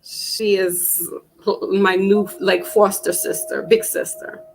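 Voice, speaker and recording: A woman hosting a casual live-stream panel, chatting loosely with plenty of fillers and restarts and getting animated when she tells a story. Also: mid-range voice, takes it slowly, creaky, slight background noise, poor audio. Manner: animated when telling stories.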